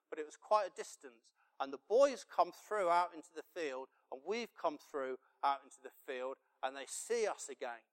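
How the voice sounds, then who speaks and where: A middle-aged man preaching a sermon, telling a family story that builds to loud, impassioned preaching. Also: on the high side.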